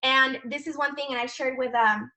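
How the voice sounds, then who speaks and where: A woman's voice: high-pitched, steady tone, moderate pace, pushed and bright, recorded from a distance. A woman leading a sales team, chatting casually and enthusiastically, often saying "you guys" and swearing lightly. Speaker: team leader in direct sales. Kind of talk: casual motivational chat.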